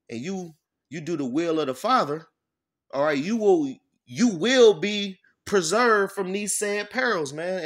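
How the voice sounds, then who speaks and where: A man giving an informal sermon. He reads verses slowly, breaks them down bluntly with profanity, and keeps checking in with "all right?". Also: on the high side, fairly bright tone. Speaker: scripture teacher. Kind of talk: informal sermon with scripture reading.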